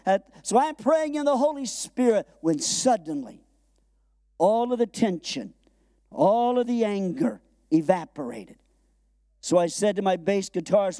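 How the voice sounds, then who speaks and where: A middle-aged pastor preaches a storytelling sermon. His voice sits high for a man yet sounds mellow and dark in tone, recorded close and dry. He acts out the quoted dialogue and chuckles along the way. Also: no room sound.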